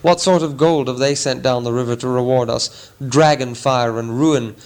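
A man voicing a scheming, defensive old town master who speaks loud and rhetorical in a storybook reading. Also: mid-range voice, moderate pace, lightly acted.

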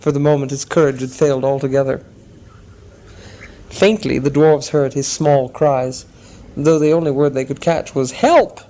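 Man reading a storybook, expressive. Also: mid-range voice. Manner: measured, expressive narration. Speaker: audiobook narrator.

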